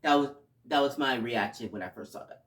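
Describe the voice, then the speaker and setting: A man's voice: mid-range voice, brisk. Emotional, rambling male show reviewer. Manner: emotional, rambling, swings from quiet to loud outbursts. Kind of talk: casual video review.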